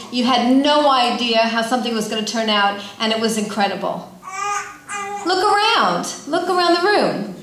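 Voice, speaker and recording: Middle-aged woman, inspirational speaker, higher pitch, animated and conversational, recorded in a roomy hall. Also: slight background noise. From California. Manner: animated, chatty, asks the audience questions. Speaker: spiritual speaker. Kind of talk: inspirational talk to a gathering. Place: large room with an audience. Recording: echoey hall.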